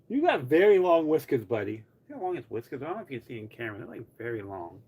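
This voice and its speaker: A man's voice: medium pitch, big pitch swings, quick pace, few pauses, darkish tone, breathy edge. A man live streaming from home, chatting casually in a rambling way full of "like". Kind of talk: casual chat.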